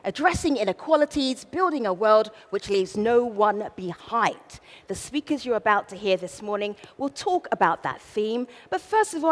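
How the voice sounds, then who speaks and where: A woman with a South London accent moderating a large conference, playful and theatrical with the audience. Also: on the high side. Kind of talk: live event hosting. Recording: reverberant large hall.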